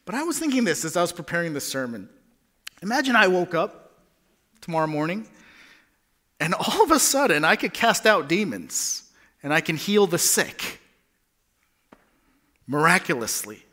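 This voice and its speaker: A pastor in his thirties preaching with a bright, ringing tone. He drops to near-whispers for tender points and surges loud for emphasis. The man's slightly high voice carries lively energy. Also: moderate pace, pauses often. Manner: dynamic, swings from hushed whispers to loud emphasis. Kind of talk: sermon.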